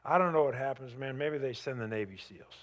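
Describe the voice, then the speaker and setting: In a brisk, mid-range voice, a man giving a church talk as a guest relates a dramatic personal experience, moving from vivid, animated bursts to sudden quiet.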